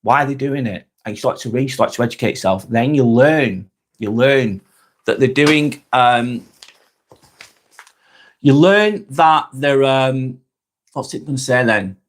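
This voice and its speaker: A man's voice: mid-range voice, measured pace, long pauses. An English man, middle-aged, hosting a live vlog, chatting casually with viewers, rambling and repeating himself and swearing freely. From England. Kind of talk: casual live-stream chat.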